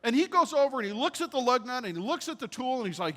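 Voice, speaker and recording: A man preaching a sermon as a pastor, telling a personal story in an animated way and hushing his voice for quoted lines. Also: very high voice, quick pace, big-room sound. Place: church sanctuary.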